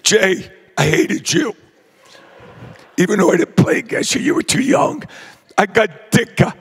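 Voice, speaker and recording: An older man, giving a rowdy acceptance speech full of brash shouted jokes. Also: high-pitched, very animated, a little slow, vocal fry, husky, long reverb tail. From New Jersey. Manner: boisterous, shouting, brash joking. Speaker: hall of fame inductee.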